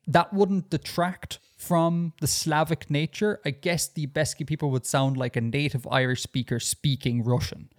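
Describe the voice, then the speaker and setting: A man's voice: on the high side, steady tone, normal speed, few pauses. A man co-hosting a casual podcast discussion, talking in a chatty, hesitant way with frequent restarts and fillers. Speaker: podcast co-host.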